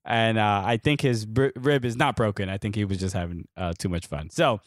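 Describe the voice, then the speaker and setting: A young man from the US, co-hosting a laid-back soccer podcast, speaks briskly in a fairly low voice as he rambles through a story full of fillers and laughs. The studio-quality audio has no echo.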